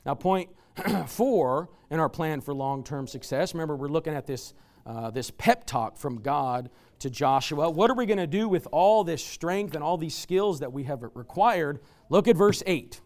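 Male preacher, high and animated delivery, emphatic sermon with slow scripture readings. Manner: emphatic, reads scripture slowly and deliberately; lists examples in rising, enthusiastic bursts.

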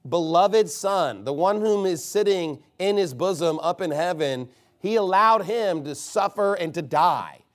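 A man delivers a sermon in a relaxed, conversational way, stacking up rhetorical questions. His voice sits high for a man and swings widely in pitch as he preaches. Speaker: pastor.

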